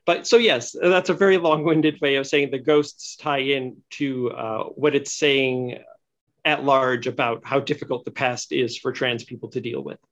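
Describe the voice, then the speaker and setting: A man's voice: mid-range voice, steady tone, unhurried, a bit bright. A man talking in a casual podcast discussion, explaining his ideas at length with fillers. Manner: thoughtful, long-winded explaining with fillers. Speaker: podcast guest. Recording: lo-fi muffled sound.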